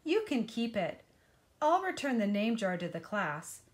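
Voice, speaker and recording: Woman voicing friendly curious schoolboy, eager, a bit sheepish, higher pitch, storybook. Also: sing-song, unhurried.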